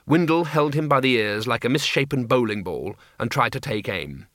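Man narrating with lively expression. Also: medium pitch, normal speed, no echo, clean studio sound. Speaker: audiobook narrator. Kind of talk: scripted narration.

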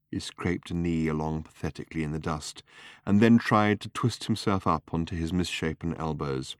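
Deep, dry male audiobook narrator, measured and wry. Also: smooth, no echo.

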